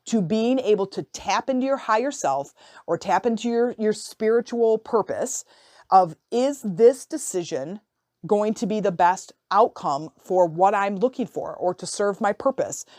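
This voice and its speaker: A woman hosting a podcast, telling a personal story in a lively, expressive, conversational way, with sudden excited rises in her voice. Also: mid-range voice, dry recording, studio quality. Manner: conversational with fillers and restarts. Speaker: podcast host and life coach.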